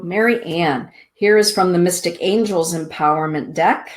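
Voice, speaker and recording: Slow, soothing low-voiced woman reading cards. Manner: slow, soothing, deliberate delivery with drawn-out words. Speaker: host giving oracle card readings. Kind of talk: spiritual radio show card reading.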